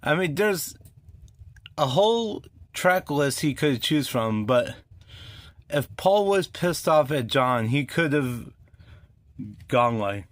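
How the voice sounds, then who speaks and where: A man's voice: a little high, big pitch swings, slow pace, long pauses, no room sound. A man rambling through his opinions on music history in a casual vlog, with lots of fillers and restarts.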